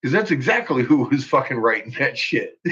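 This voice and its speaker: A man's voice: mid-range voice, huge pitch swings, unhurried, pushed and bright. A man ranting on a live stream in casual, profane talk, laughing often and calling out to his viewers by name. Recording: muffled lo-fi recording.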